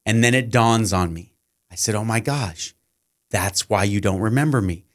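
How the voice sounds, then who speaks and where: A middle-aged man, a high school teacher as podcast guest, telling long anecdotes and acting out the dialogue. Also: moderate pace. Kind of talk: casual podcast storytelling.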